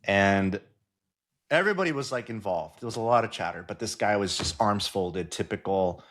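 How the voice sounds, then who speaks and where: Low-voiced man reflecting on a podcast. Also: lively intonation, moderate pace, fairly bright tone. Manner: thoughtful, reflective, frequent fillers. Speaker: podcast co-host. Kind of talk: casual conversation.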